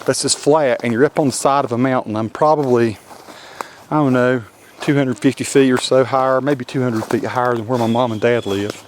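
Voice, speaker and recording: A man with a western North Carolina mountain accent, rambling in a relaxed, folksy way as he walks through the woods. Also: medium pitch, brisk, slight background noise. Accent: western North Carolina mountain Southern. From Appalachian Highlands, North Carolina. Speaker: vlogger. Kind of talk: casual walking commentary. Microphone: handheld camera mic.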